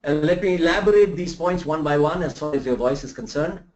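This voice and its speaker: A man from India giving a live remote soft skills lecture, animated, asking the audience rhetorical questions and demonstrating examples. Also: fairly high pitch, brisk. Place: room in Bangalore. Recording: roomy, dull lo-fi sound.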